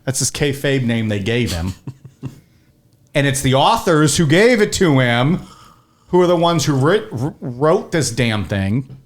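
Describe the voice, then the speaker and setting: Animated, jokey man riffing. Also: mid-range voice, a little slow. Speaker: podcast co-host. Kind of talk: casual podcast banter.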